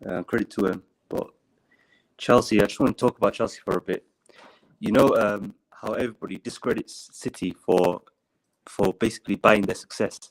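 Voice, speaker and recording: Low-voiced teenage caller. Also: male voice, fairly even intonation, normal speed, rough recording. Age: teens. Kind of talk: phone-in call.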